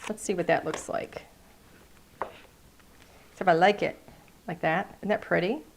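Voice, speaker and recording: A woman's voice: lowish voice, steady tone, a little slow, vocal fry, slight background noise. Chatty woman hosting a craft class. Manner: chatty, playful, narrates each step. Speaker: cardmaking class host. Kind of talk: live crafting demonstration.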